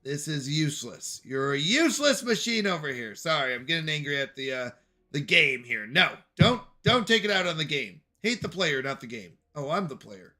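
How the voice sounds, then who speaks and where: Guy streaming a puzzle game, bright voice a bit high, bouncy and jokey, scolds chat and himself. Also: lively intonation, normal speed. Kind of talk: live game commentary.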